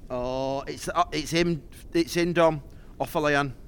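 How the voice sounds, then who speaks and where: Middle-aged male podcast co-host, excitable, interrupts, voice a touch high. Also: measured pace, a little hiss or hum. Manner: excitable, reacts loudly to scores, interrupts. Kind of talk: casual podcast chat. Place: at home with children around.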